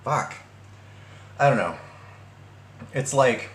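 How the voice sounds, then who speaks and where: A young man vlogging casually about a breakup, halting and restarting his sentences with many fillers. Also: lowish voice. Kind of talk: casual personal vlog. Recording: echoey room with faint ambient noise.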